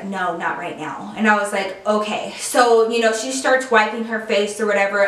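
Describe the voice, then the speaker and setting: A YouTube storyteller, a woman with a mid-range, slightly bright voice, chats to her viewers while telling a personal story in a casual storytime monologue. Her speech is full of "like" and "you know." The recording is echoey, with the mic set at a distance.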